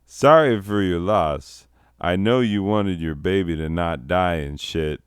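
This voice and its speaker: Deep-voiced, slow, crude rambling man. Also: clean tone, dry recording, studio quality. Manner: crude, rambling, laughs at own jokes, slips into silly voices. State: recovering from nausea. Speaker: comedy podcaster. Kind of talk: casual rambling comedic monologue.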